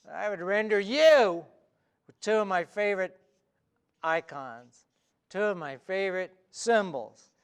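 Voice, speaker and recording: Wry, high-voiced middle-aged man. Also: lively intonation, clean tone. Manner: playful, quick-witted, wry asides. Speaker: cartoonist and speaker. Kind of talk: humorous live talk. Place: event hall before an audience.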